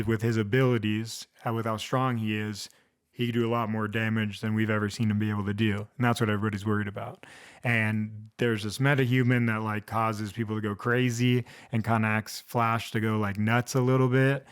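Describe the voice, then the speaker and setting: A man's voice: lowish voice, clear, resonant tone. A man hosting a one-take vlog, recapping a TV episode in a loose, rambling way, full of "like" and restarts. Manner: rambling, heavy use of "like", restarts. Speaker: vlog host.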